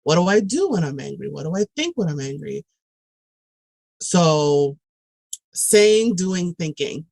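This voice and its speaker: A woman's voice: sits low, dry recording, poor audio. A woman talking on a podcast as a guest, reflective and thoughtful, with many ums and restarts. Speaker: podcast guest, tutoring director. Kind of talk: casual podcast talk.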